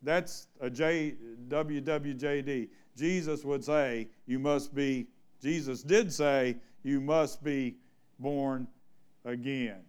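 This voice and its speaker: A man's voice: medium pitch, steady tone, slow pace, a little mellow, clear, resonant tone. A man preaching an informal sermon to a small church, reading scripture and asking the congregation questions in a folksy, conversational way. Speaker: pastor.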